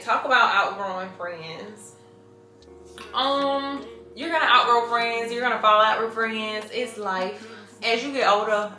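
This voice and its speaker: A woman's voice: mid-range voice, pushed and bright, reverberant. A woman, telling stories in a blunt, profane, conversational Q&A vlog. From Mobile, Alabama, US. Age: 20s. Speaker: vlogger. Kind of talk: casual Q&A storytelling.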